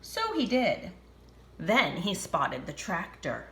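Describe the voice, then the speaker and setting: Expressive woman reading a picture book. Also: on the low side, slow, roomy sound. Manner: expressive, chatty asides. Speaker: storybook reader. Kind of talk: reading aloud to children.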